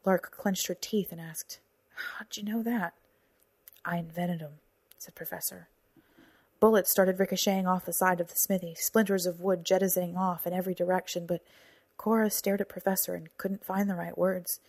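The narrator of this audiobook reads a novel from a script, dropping to whispers or getting louder for the characters' lines. Her fairly low, slightly mellow voice moves little in pitch and runs a little fast, with no echo.

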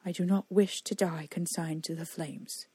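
A woman voicing a captive male enemy knight who talks smooth, cool and coaxing. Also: lowish voice, fairly even intonation, normal speed, darkish tone, no echo. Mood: pleading.

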